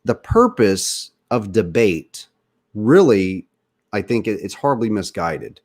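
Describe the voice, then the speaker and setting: A man's voice: lowish voice, very animated, takes it slowly, darkish tone. A man hosting a podcast, with a slight Southern US accent, giving earnest, opinionated political talk and speaking straight to his listeners. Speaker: podcast host.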